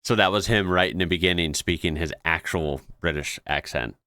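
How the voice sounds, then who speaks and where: Deep-voiced American man reacting casually. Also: fairly quick, sharp tone. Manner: chatty, laughs often, many fillers. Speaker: reaction video host.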